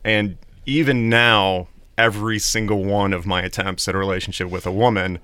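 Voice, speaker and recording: A man co-hosting a talk show discussion, speaking in a measured, reflective way on a dry close mic. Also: on the low side, fairly even intonation, bright, forceful tone, clear, resonant tone, dry recording. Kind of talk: podcast discussion.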